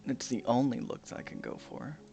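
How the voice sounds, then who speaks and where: A man's voice: mid-range voice, fairly even intonation, brisk, gravelly, mellow. A young man chatting casually while he plays a game, mumbling, swearing a lot and sometimes dropping into a whisper. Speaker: gaming streamer. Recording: music playing behind the voice. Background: piano music.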